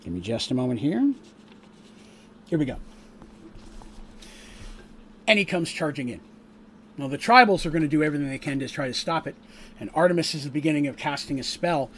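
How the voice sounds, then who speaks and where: A man narrating a tabletop game as game master, casual and full of fillers, pausing to explain rules. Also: on the high side, expressive, slight background noise.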